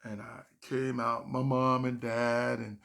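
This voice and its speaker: A man telling a personal story as a stand-up comedian, animated and acting out the voices of the people in it. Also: medium pitch, takes it slowly, creaky. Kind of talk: storytime monologue.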